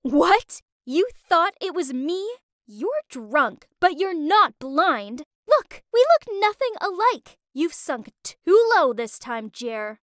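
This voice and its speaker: Betrayed girlfriend yelling, high voice, a woman doing it. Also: sing-song, normal speed, no room sound, studio quality, full character voice. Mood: furious. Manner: shouting, accusing. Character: angry betrayed young woman.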